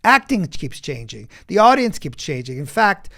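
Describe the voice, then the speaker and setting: Man, acting coach guest, emphatic, animated storytelling, quick bursts, somewhat high voice.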